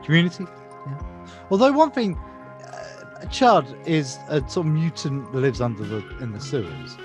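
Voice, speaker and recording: A man in his thirties from England, co-hosting a casual podcast and telling a spooky local story. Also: mid-range voice. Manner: animated, tells a spooky tale in a storytelling voice. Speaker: podcast co-host.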